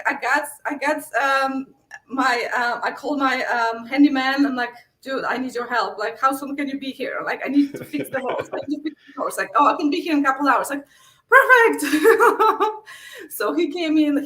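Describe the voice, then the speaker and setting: She speaks high and fairly bright with fairly even intonation at a moderate pace, carrying a Polish accent. A middle-aged real estate investor from Poland, she's a storytelling guest in a casual, echoey interview who acts out her own lines and laughs frequently.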